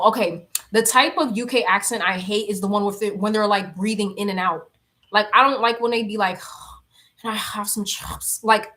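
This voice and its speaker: A woman's voice: mid-range voice, pushed and bright. A young woman chatting casually on a livestream, reading comments aloud, blunt and laughing often. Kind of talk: casual chat.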